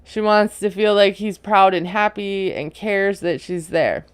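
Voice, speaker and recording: A woman giving a casual, opinionated recap of a reality TV episode, chatty and quick to laugh. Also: mid-range voice, clear, resonant tone, no echo.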